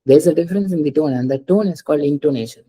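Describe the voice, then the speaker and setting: Mellow, husky teacher. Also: mid-range voice, very fast, rough recording. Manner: patient, repeats examples and checks understanding. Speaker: French teacher. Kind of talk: live online language lesson.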